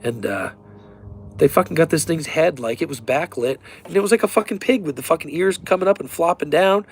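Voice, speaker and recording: A man ranting in a rambling, profane, excitable way about cryptids and conspiracies in a casual vlog. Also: a little high, a little fast, a little hiss or hum. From Colorado, USA. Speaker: vlogger.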